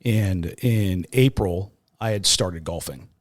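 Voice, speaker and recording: A man with a fairly low voice tells his story as an interview guest, halting and raw, often restarting his sentences. When he quotes others, his voice jumps sharply upward. The sound is dry and close, with no room echo. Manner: voice jumps much higher when quoting others. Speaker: podcast guest, sports talk show host. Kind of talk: emotional personal testimony in an interview.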